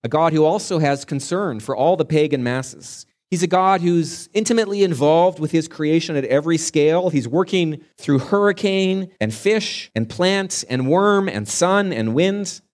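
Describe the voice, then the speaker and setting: A man's voice: fairly high pitch, lively intonation, moderate pace, hardly any pauses, darkish tone. A man preaching a sermon as a pastor, retelling a scripture story earnestly and stretching key words for emphasis.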